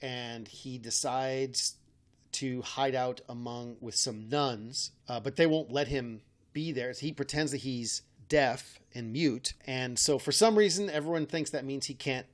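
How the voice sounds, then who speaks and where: A man's voice: mid-range voice, unhurried. A man hosting a casual chat, rambling and correcting himself with a wry tone. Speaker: podcast host.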